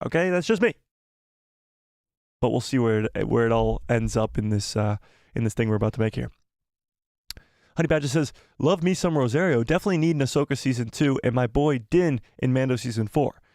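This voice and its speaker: A man's voice: medium pitch, darkish tone, dry recording, clean studio sound. A man hosting a live fan stream, rambling and enthusiastic as he reads chat comments aloud, and his voice is wearing out. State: losing his voice.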